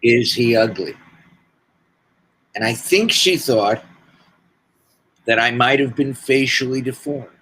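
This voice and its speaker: A man in his sixties telling his life story as a podcast guest, slow and deliberate with pauses. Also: medium pitch, bright, forceful tone, a little hiss or hum, poor audio. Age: 60s. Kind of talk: personal storytelling.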